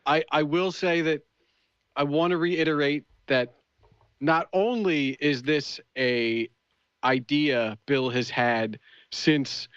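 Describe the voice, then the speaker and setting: A man calls in to a casual podcast from a remote line, with a slightly high voice. He talks with dry wit and often stumbles into restarts. The remote link sounds dull and dry. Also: fairly even intonation, slow, a bit bright, clear, resonant tone, dry recording. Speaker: podcast guest and regular contributor. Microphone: remote microphone, digital call.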